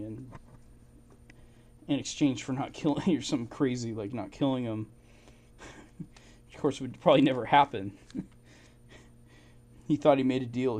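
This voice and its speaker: This is a man reading through old documents and commenting as he goes. He thinks aloud, restarts his sentences often and breaks into small chuckles. His voice sits at an ordinary mid pitch for a man. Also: darkish tone. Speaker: channel host.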